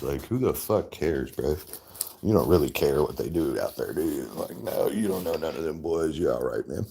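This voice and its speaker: A man's voice: very deep voice, lively intonation, moderate pace, gravelly, mellow, slight background noise. A man hosting a casual livestream, rambling, swearing freely and laughing often. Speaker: livestream host. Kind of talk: casual livestream chat while eating.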